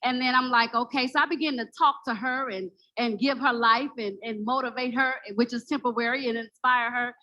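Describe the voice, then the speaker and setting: A woman who was called up from the audience, telling an excited, emphatic story to a live crowd. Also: fairly high pitch, a little fast, hardly any pauses, highs cut off. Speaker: audience member invited to share. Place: live event in front of an audience.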